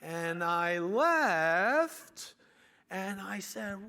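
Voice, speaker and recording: A man telling a business story in an animated way, acting out what people said to him. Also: high voice, takes it slowly. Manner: animated, acts out quotes. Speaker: business owner and speaker.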